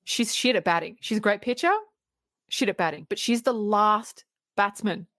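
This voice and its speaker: A podcast co-host recaps a film in lively, casual chat, laughing and slipping into the characters' lines. Her voice sits at an average pitch for a woman. The recording is dry and close. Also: normal speed, no room sound. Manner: animated retelling, laughing, acting out quotes.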